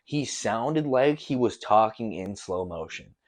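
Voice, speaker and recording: Laid-back low-voiced young man rambling. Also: lively intonation, a little slow. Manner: loose, profane, slangy storytelling. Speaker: podcast host. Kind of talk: casual solo rambling podcast.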